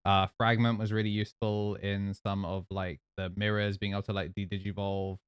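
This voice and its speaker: A man's voice: lowish voice, little pitch movement, brisk, smooth, dry recording. A man hosting a casual podcast chat, talking through game strategy in an analytical, laid-back way. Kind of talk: casual podcast chat about card games.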